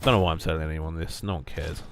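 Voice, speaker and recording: A man's voice: a bass voice, steady tone, fast, creaky, slight background noise. A British man of twenty-seven giving casual, self-mocking gameplay commentary in a rambling, sarcastic way. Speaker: gaming streamer. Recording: loud gunfire over voice.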